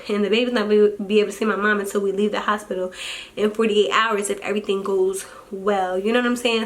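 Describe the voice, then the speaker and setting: A woman's voice: mid-range voice, fairly bright tone. A young woman vlogging casually, a first-time mom venting candidly and swearing, her voice getting teary as she tells the story.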